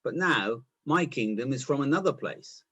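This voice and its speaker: A man reading the words of Jesus in a calm, measured way. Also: medium pitch, breathy edge.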